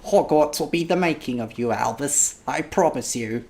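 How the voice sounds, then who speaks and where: A man voicing an earnest, fatherly adult wizard who speaks gently and reassuringly while reading a play aloud. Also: medium pitch, moderate pace, vocal fry, voice pushed up, close to an everyday voice.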